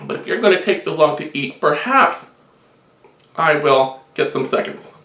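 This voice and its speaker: A man's voice: a little high, animated, moderate pace, bright, forceful tone. A towering giant plays the hospitable host, as a man acts him out. He speaks in a friendly, welcoming way. The voice carries a roomy echo.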